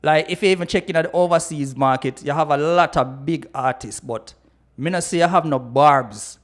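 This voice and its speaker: A man's voice: on the high side, moderate pace. A man with a Jamaican accent giving opinionated commentary, questioning hard and stressing his points. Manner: questioning, emphatic, repeats "you know".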